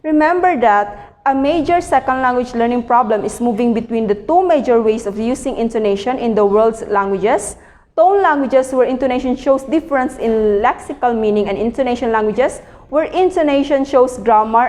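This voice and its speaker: A woman reading a textbook aloud as a lecture, in a careful, measured way with the odd slip. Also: fairly high pitch, darkish tone, in a large hall. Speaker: teacher presenting a reading.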